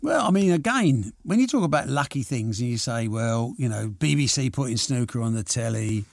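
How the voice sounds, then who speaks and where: Gravelly older man telling stories. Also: mid-range voice, normal speed, no echo, studio quality. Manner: lively anecdotal storyteller, restarts and acts out quotes. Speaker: boxing and snooker promoter. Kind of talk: reminiscing interview answers.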